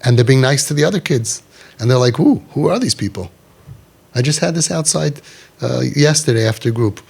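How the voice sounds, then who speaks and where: A man's voice: mid-range voice, fairly quick, creaky, a little mellow, husky. A middle-aged man leading a parents' group, talking emphatically and repeating himself, with Yiddish and Hebrew words mixed in. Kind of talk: animated talk to a parents' group.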